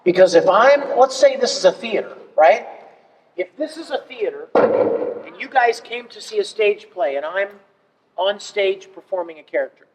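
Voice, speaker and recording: Male voice actor as panel guest, animated storyteller, a touch high, recorded far from the mic in a reverberant hall. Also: normal speed. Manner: animated, acts out examples with big swings. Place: convention panel room.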